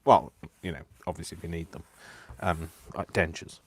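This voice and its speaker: A giddy man rambles through a live crafting stream at his desk, joking to himself as he colours and cuts. His voice sits a little low for a man. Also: fairly even intonation, normal speed. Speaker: crafting vlogger. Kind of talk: casual live-stream chat while crafting.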